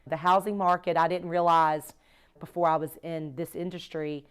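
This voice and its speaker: Deep and smooth, with little pitch movement and normal speed, this cleaning-company owner's voice carries her stories as a podcast guest. Speaking casually at the podcast recording, she's emphatic and acts out the dialogue she quotes.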